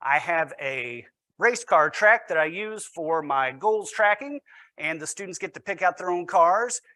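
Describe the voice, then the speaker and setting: A man's voice: sits high, animated, measured pace, pushed and bright, dry recording. A man, a teacher, giving a storytelling presentation with wry, self-deprecating humor.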